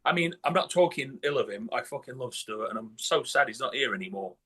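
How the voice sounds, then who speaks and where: A man's voice: mid-range voice, animated, a little fast, sharp tone, husky. A man from northern England talking bluntly in a casual interview, swearing a lot and restarting his sentences. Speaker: guest musician.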